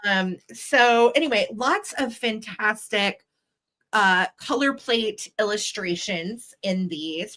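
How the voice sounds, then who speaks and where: A woman's voice: medium pitch, expressive, slow, bright, forceful tone. A woman in a mid-range voice hosting a live online vintage sale. She talks about each item in a chatty, enthusiastic way, with frequent filler ums. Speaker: host and vintage seller. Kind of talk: live online sales show.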